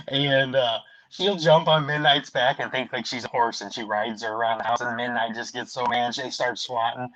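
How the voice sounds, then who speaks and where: A man's voice: mid-range voice, fairly bright tone, no echo, lo-fi sound. A man hosting a podcast in casual chat, a rambling storyteller with many restarts, talking from home. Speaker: podcast host.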